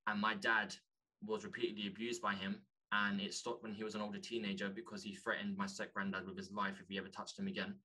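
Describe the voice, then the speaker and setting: Man for a guest spot, earnest and halting, fairly low and very bright tone. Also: flat delivery. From London, England. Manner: earnest, halting, restarts often. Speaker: podcast guest, author. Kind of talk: candid conversation.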